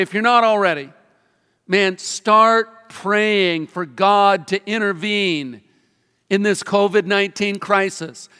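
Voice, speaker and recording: Pastor, male, middle-aged; bright high voice, earnest sermon delivery, hall reverb. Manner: earnest, encouraging, slows for emphasis. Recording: long reverb of a large hall.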